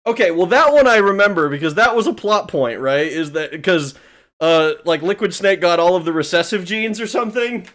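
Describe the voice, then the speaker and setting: Excitable, slightly high-voiced male streamer. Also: moderate pace. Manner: excitable, swears, stammers and laughs often. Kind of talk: casual livestream chat.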